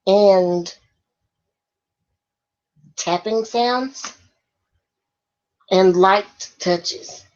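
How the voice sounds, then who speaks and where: A giggly woman vlogger chats slowly and unhurriedly through viewer questions, laughing often. Her voice comes through a dull, lo-fi recording. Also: medium pitch. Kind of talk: casual Q&A chat.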